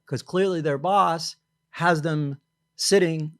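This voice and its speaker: A man's voice: a little high, slow pace, fairly bright tone, clean tone, no room sound, studio quality. A middle-aged man, a company founder guesting on a podcast, telling self-deprecating stories in casual conversation and acting out what people think. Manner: storytelling, acts out quoted thoughts in other voices; self-deprecating, frequent restarts and laughs.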